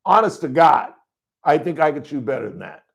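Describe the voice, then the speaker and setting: A middle-aged man hosting a call-in sports radio show in a studio, talking loudly and rambling through stories. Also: on the high side, a little fast, gravelly. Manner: loud, rambling, animated storytelling.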